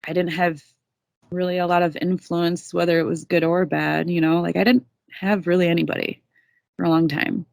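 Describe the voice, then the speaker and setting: Gravelly young woman telling her story. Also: fairly low pitch, little pitch movement, normal speed, a little mellow, dry recording. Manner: candid, swears freely, says "dude". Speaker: podcast guest. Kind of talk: casual storytelling.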